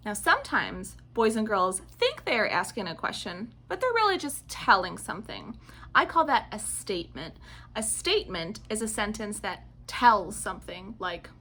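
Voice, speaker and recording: A woman teaching kindergartners in a video lesson, speaking slowly and clearly in an encouraging way. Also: medium pitch, expressive, sharp tone. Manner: slow, clear and encouraging, acting out children's voices. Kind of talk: video lesson for young children.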